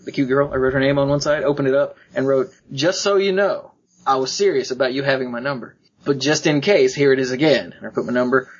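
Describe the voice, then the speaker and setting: Husky man telling a lively story. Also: medium pitch, quick pace, hardly any pauses, dull audio. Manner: animated, acts out quoted voices, laughs often. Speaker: podcast co-host. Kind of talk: casual storytelling chat.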